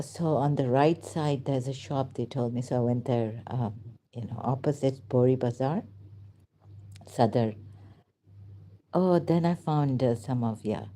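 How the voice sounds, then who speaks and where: Woman, 50s, from Pakistan, slow rambling story, many fillers, very dark mellow voice. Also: rumbling low. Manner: meandering, searching for words, many fillers, laughs and apologizes often. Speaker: channel host. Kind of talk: rambling personal storytelling to camera.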